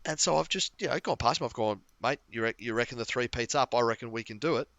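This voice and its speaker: A man's voice: mid-range voice, fast talker, fairly bright tone, no echo. A man co-hosting a sports podcast, telling a casual story and laughing often. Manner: storytelling, laughing, swearing freely. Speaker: podcast co-host. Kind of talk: casual chat.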